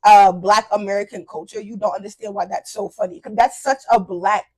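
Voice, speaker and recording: A woman's voice: medium pitch, fairly even intonation, brisk, a little mellow, breathy edge, rough recording. Opinionated, teasing woman host. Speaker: podcast host. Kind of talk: casual chat.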